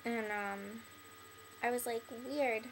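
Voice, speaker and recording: A woman's voice: mid-range voice, steady tone, normal speed, a little hiss or hum, rough recording. A young woman talking straight to camera in a rambling, filler-heavy way, with "like" in nearly every phrase, blunt and bitter toward the person she addresses. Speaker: vlogger addressing an ex-friend. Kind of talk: casual rambling monologue to camera.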